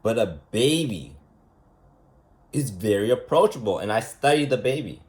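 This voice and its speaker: A man's voice: lowish voice, sing-song, moderate pace, a little mellow. A man giving a casual, unscripted monologue lesson as a vlogger, rambling and emphatic, repeating himself and asking rhetorical questions.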